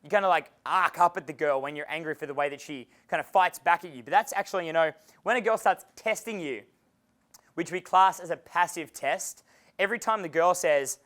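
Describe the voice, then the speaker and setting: Speaking a little fast in a fairly high, slightly bright voice, a man delivers a seminar lecture as a dating coach. He keeps it casual and chatty, swears freely, and laughs at his own stories.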